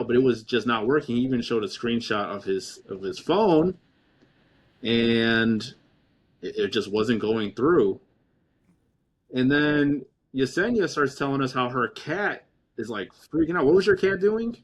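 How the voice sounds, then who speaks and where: A man's voice: medium pitch, unhurried. A man hosting a podcast, recapping the night's troubles in a rambling, casual storytelling way. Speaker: podcast host. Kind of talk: casual chat.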